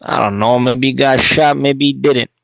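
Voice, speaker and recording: A man from Canada calling into a talk show, teasing and relaxed as he chats. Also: medium pitch, moderate pace, creaky, no room sound, highs cut off. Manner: teasing, laid-back. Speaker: caller. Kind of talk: casual chat.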